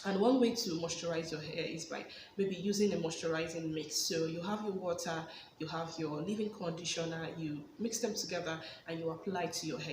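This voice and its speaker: A woman's voice: lowish voice, moderate pace, hardly any pauses. A woman giving casual hair care advice in a vlog, stressing points by repeating words. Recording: echoey room with background noise.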